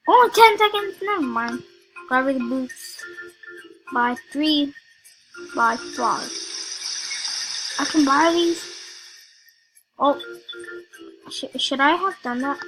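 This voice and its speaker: A woman giving excitable, casual commentary on a video game she is playing, talking straight to her viewers and often repeating herself. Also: sits high, slow, long pauses, low-quality recording. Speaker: gaming video creator. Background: music.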